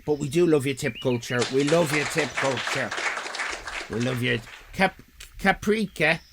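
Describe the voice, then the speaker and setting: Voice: mid-range voice, a little slow, a crowd in the background, noisy background. An Irish live-stream host chatting casually with viewers, rambling and swearing in mock outrage. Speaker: livestream host.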